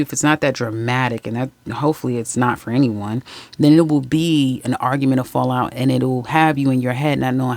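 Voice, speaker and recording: A chatty tarot reader talking straight to viewers in a casual general reading, with a gravelly, fry-tinged voice. The recording is dry and close, with no room sound. The reader laughs easily, fixes their own slips and calls the audience guys, ladies and baby. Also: medium pitch, dry recording.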